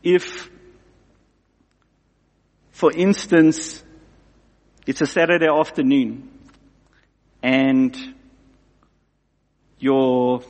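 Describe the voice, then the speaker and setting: A man preaching a sermon in an animated way, acting out both sides of everyday scenes. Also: mid-range voice, very slow, pauses often. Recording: long hall reverb.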